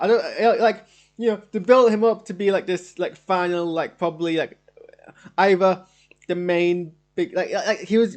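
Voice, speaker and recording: A man's voice: high-pitched, a little mellow. Rambling, eager man in a home studio. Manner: rambling, enthusiastic. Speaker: reaction streamer. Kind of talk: live casual show reaction.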